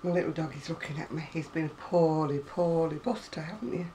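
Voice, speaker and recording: A woman's voice: low voice, steady tone, a little fast, warm tone, a little hiss or hum. A middle-aged woman, chatting to camera in a rambling, storytelling way with ranting asides. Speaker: crafting vlogger. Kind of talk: casual chat to camera.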